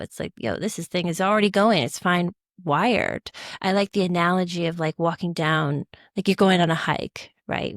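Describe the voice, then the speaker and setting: A woman guest on a podcast, talking in a casual, animated way and telling stories expressively. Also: on the low side, dry recording, studio quality. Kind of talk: casual conversational chat.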